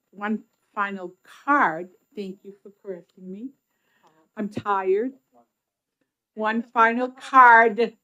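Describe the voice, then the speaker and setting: A woman with a Boston accent chairing a hearing, brisk and friendly as she calls up speakers. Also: medium pitch, poor audio. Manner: brisk, friendly procedural remarks. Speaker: committee chair. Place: legislative hearing room.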